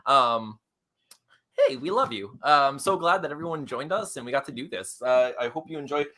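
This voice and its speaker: A young man co-hosting a live comics stream, rambling and excitable, laughing often. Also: medium pitch, normal speed. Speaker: co-host of a comics show.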